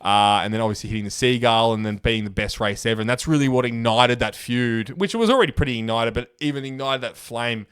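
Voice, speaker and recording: A young Australian man co-hosting a casual podcast, telling lively stories and swearing freely. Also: medium pitch, clear, resonant tone, dry recording, clean studio sound. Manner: animated storyteller, quick, swears casually. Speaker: podcast co-host. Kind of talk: casual chat.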